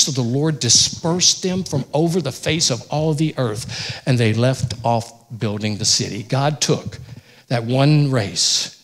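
A man preaching a sermon in a church, rising loud on key points and dropping low and quiet. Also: a little slow. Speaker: pastor.

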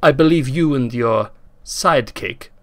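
A man voicing a menacing male kidnapper with a heavy put-on Russian accent, speaking low and cold, set back from the mic. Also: measured pace, natural voice.

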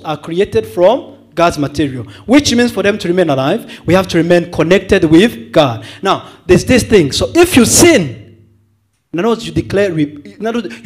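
Preaching to a church congregation, a high-pitched male evangelist asks them questions and echoes his own words while he thinks.

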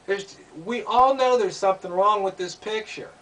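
A man's voice: high-pitched, normal speed, fairly bright tone. A man giving an opinion monologue, asking pointed rhetorical questions and repeating himself. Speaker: commentator. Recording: distant mic, faint background noise.

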